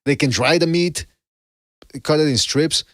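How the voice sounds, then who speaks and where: A man's voice: fairly high pitch, measured pace, fairly bright tone, no echo, clean studio sound. A man hosting a casual podcast, joking, laughing often and drifting into asides. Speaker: podcast host.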